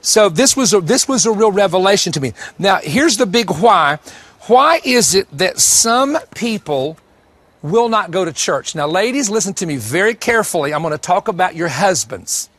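A high-pitched man preaching with emphatic, storytelling energy. He repeats key lines for effect and talks straight to the congregation. His voice sounds close and dry, with no room echo. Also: very animated, moderate pace, fairly bright tone. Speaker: pastor. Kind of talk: sermon.

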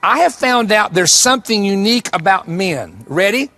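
A man's voice: high voice, very animated, normal speed, sharp tone, dry recording. A man preaching a sermon, telling stories and repeating key lines for emphasis. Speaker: pastor.

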